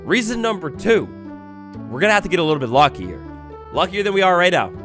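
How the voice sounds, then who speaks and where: A young man giving playful Minecraft let's play commentary, excitable and theatrical, with mock outrage. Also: high voice, quick pace. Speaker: gaming YouTuber. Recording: faint background music.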